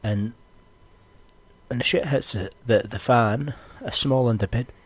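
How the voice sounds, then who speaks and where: A young Scottish podcast host chats casually and rants, swearing plenty as he tells animated stories. His voice is medium-pitched and slightly rough, and he takes his time.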